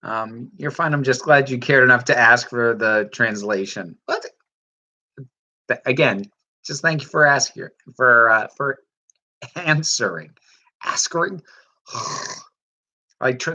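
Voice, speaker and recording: A woman's voice: extremely low pitch, bright, forceful tone. A woman hosting a livestream, chatting casually and reading out viewer comments, rambling with frequent restarts. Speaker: livestream host reading chat. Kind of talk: casual chat.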